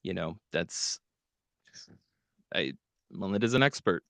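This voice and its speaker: A man's voice: low-pitched, expressive, slow, creaky, fairly bright tone, no room sound. A man hosting a casual call-in show, talking in a loose, rambling way. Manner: laid-back, rambling, with fillers. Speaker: show host.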